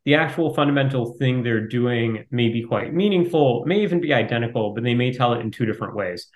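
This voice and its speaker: A man answering interview questions as a startup investor, talking quickly and in a fairly flat way. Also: medium pitch. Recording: roomy echo.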